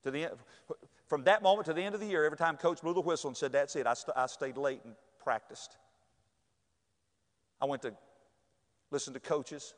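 A man from North Carolina, telling a personal story to an audience in a lively way, acting out other people's voices and sometimes shouting. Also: on the high side, brisk, pauses often. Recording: long hall reverb.

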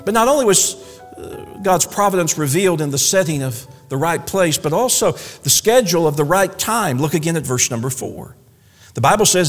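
A preacher delivers a folksy sermon with his voice set high for a man. His pitch swings widely from phrase to phrase. The long reverb of the church hall trails behind every line. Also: brisk. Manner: folksy, animated preaching with playful asides. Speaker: pastor. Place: church sanctuary.

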